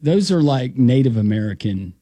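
A man's voice: medium pitch, sing-song, moderate pace, mellow, no echo. A man co-hosting a talk radio show, chatting casually and reading out the text line. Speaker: radio co-host.

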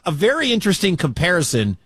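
A man's voice: high-pitched, huge pitch swings, fairly bright tone, slightly rough, no room sound, clean studio sound. A man with a Midwestern accent hosting a sports talk radio show in a chatty, conversational way. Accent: Midwestern American. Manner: chatty, conversational, quick asides.

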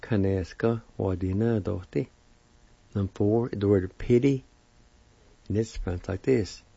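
A man teaching vocabulary, spelling out and pronouncing each word slowly and patiently, with repetition, on a dull lo-fi recording. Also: on the low side, gravelly, mellow, husky, no room sound. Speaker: language teacher. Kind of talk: slow spelling and pronunciation lesson. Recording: dull lo-fi sound.

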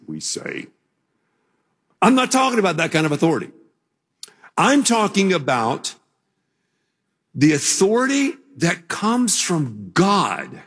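An older man preaching a sermon as pastor, telling a story in a relaxed conversational way before building to emphatic declarations. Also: sits high, takes it slowly, pauses often, breathy edge, big-room sound.

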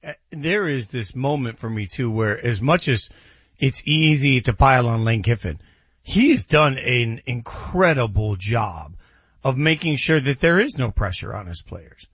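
Husky man making emphatic sports points. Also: medium pitch, lively intonation, measured pace, a bit bright, dry recording, lo-fi sound. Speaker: sports talk show co-host. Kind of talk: casual sports debate.

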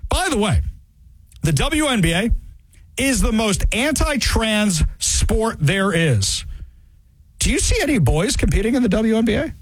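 A man's voice: sits high, normal speed, husky, no echo. A man hosting a talk show, delivering a sarcastic, opinionated commentary monologue. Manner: sarcastic, mocking, animated.

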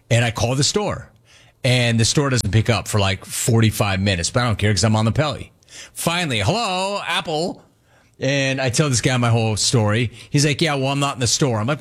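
A man's voice: medium pitch, lively intonation, moderate pace. A man hosting a show, telling a casual story and acting out both sides of each conversation. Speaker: host.

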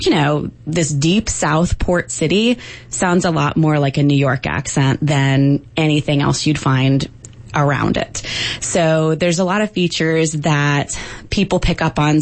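Low-voiced woman explaining as a linguist. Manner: explanatory, with fillers. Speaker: linguistics professor guest. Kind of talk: interview answers.

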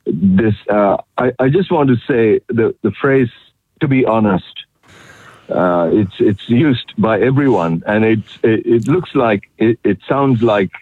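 A man calling in to a radio show, hesitant and halting. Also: on the low side, breathy edge, dry recording. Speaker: caller. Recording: tinny phone line.

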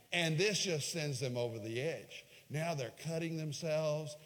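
A man preaching a sermon, retelling a scripture story dramatically, swinging from hushed lines to loud, raised ones. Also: a little high, normal speed, hardly any pauses. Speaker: pastor. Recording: long hall reverb.

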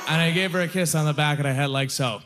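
A man's voice: on the high side, fast. A young man doing a stand-up comedy set on a club stage, telling self-deprecating stories in a conversational way.

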